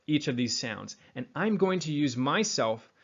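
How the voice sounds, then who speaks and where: A man teaching accent and pronunciation, demonstrating sounds slowly and repeating words, with a General American accent. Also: a little high, sing-song, lo-fi sound. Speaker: accent coach.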